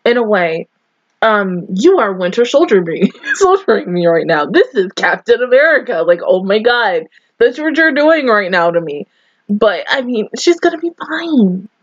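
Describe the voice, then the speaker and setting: A woman's voice: mid-range voice, very animated, moderate pace, no room sound, muffled recording. A woman reacting to an anime episode, emotional and swearing in disbelief as she talks it through.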